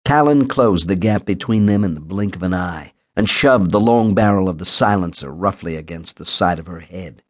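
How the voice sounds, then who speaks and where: A man reading a thriller audiobook in a steady, measured storytelling manner. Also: low-pitched. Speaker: audiobook narrator. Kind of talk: scripted thriller narration.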